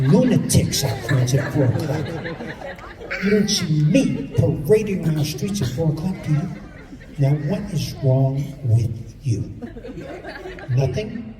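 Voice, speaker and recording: A man's voice: a little high, pitched below the performer's own voice. A man voicing a nagging, furious mother who scolds her son with relentless questions on a comedy stage. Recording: roomy hall, distant mic, audience laughter.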